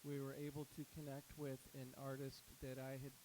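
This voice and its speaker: A middle-aged man answering on a panel, measured and unhurried. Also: medium pitch, completely flat delivery, noisy background. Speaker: startup co-founder, guest.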